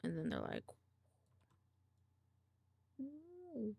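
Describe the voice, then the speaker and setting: Woman streamer, murmuring to herself while drawing, very slow, dry close mic. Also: on the low side, huge pitch swings, vocal fry, dry recording. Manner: murmuring half to herself, sound effects.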